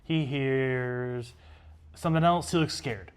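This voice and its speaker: A man hosting a podcast in casual chat, rambling and animated as he talks straight to viewers. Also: mid-range voice, slow pace, smooth. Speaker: podcast host.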